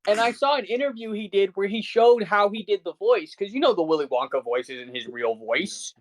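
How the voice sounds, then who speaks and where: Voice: mid-range voice, animated, a little fast. A podcast co-host ranting in casual chat, swearing constantly and sounding incredulous.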